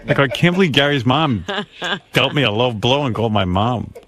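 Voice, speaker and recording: A man's voice: mid-range voice, expressive, fairly quick, a crowd in the background. A man hosting a radio talk show, telling stories in a self-mocking, laughing way.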